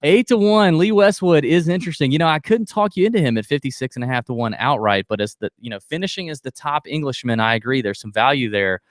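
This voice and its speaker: Brief: male co-host, casual betting chat, goofy, energetic, smooth clean voice, dry close mic. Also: mid-range voice, fast talker, few pauses, no echo. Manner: loud, playful, hams up a mock Aussie cheer. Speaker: podcast co-host.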